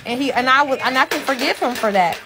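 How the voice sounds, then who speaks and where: High-voiced woman venting on a live stream. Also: animated, fast, over loud music. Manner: emphatic, profane, repeats herself. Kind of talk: emotional venting to a live audience.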